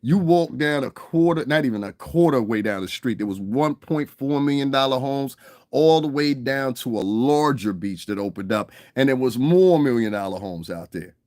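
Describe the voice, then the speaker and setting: A man's voice: medium pitch, normal speed, darkish tone, dry recording, clean studio sound. A man delivering a casual, profane monologue rant to his viewers, often asking "you understand what I'm saying" and chuckling between points. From United States. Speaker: commentary vlogger.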